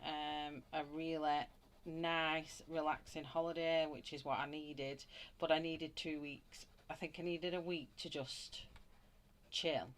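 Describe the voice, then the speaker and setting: A woman from Wigan with a low, everyday voice and a broad northern English accent. She chats casually and rambles while colouring on a live stream, greeting viewers by name between thoughts. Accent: Wigan, Lancashire. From England. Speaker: colouring channel host.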